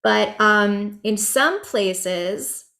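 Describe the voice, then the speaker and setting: Slow, easygoing woman teaching a class. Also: medium pitch, creaky. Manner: relaxed, chatty, laughs easily. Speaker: chanting workshop teacher. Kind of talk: online workshop instruction.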